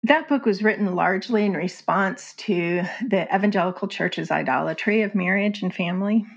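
A woman speaking as an author and guest in a conversational interview, earnest and animated, laughing often. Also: mid-range voice, moderate pace, creaky. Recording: slightly dull lo-fi audio.

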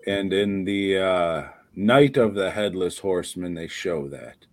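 A man's voice: deep voice, a little slow. A man co-hosting a horror podcast, talking casually with lots of swearing and laughter. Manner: profane, laughing, rambling. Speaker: podcast co-host. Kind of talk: casual chat.

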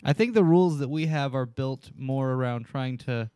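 A man's voice: medium pitch, moderate pace, mellow, smooth. A man co-hosting a casual podcast, rambling and poking fun at himself. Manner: rambling, self-mocking, laughs. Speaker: podcast co-host.

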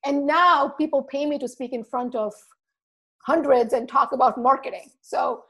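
A woman podcast guest telling an animated story, acting out quotes and laughing often. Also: high-pitched, moderate pace. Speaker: podcast guest, marketing speaker.

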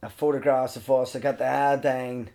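A middle-aged man, telling a mountain story as a podcast guest, animated and swearing freely. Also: medium pitch, normal speed, vocal fry. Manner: animated, swears freely, acts out others' lines. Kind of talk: casual storytelling.

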